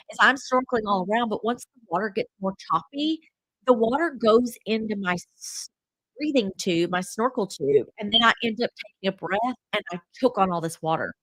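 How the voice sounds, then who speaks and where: A woman's voice: medium pitch, a bit bright, no echo, poor audio. A woman hosting a casual travel livestream, chatty and rambling with lots of fillers, a bit stuffy from a cold. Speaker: travel channel host.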